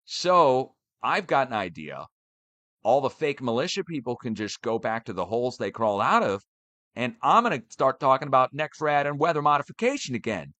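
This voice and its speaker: A man's voice: medium pitch, big pitch swings, normal speed, bright, forceful tone, no echo. A middle-aged man ranting in a rambling, sarcastic monologue, mocking and swearing as he hosts his own channel. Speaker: online channel host.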